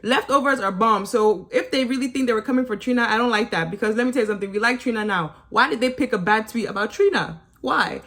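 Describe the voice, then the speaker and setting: A woman's voice: on the high side, quick pace, few pauses, a bit bright. A woman recapping a reality show in a casual, opinionated way, teasing and laughing often and mimicking people in sarcastic asides. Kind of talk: casual episode review.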